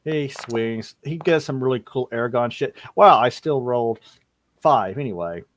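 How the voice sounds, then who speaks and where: A man's voice: mid-range voice, normal speed, no echo. A man running a tabletop game in a casual, chatty way, laughing at the table and slipping into character voices. He sounds close and dry, with no room around him. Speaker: game master. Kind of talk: narrating a tabletop game live.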